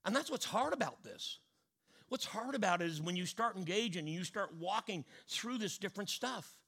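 A man preaching a sermon, telling a story and swinging between hushed asides and loud declarations. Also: high voice.

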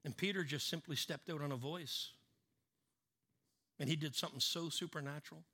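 A man preaching a sermon, swinging from loud emphatic lines down to low, hushed ones. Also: normal speed, husky. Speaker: pastor.

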